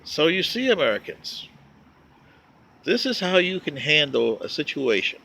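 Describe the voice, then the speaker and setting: A man with a bright, fairly high voice tells a casual story straight to camera. His pitch swings widely as he stretches out his joking punchlines, and his tone stays wry throughout. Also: very animated, gravelly. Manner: wry, joking, drawn-out emphasis. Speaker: vlogger.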